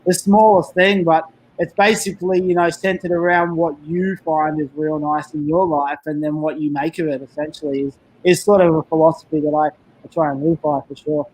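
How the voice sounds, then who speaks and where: A man's voice: a little high, flat delivery, a little fast, a little mellow, husky, poor audio. A man with an Australian accent chatting casually as a podcast guest, laid-back and upbeat, with surfer slang. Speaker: podcast guest, backcountry snowmobiler. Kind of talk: casual chat.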